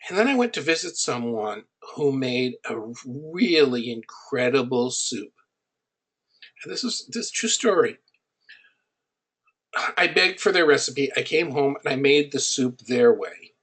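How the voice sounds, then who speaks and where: A man's voice: medium pitch, very animated, a little slow, a bit bright, breathy edge. A middle-aged man coaching an audience on building an online business. He teaches through personal stories and speaks in a conversational, anecdotal way, hitting his key points with emphasis.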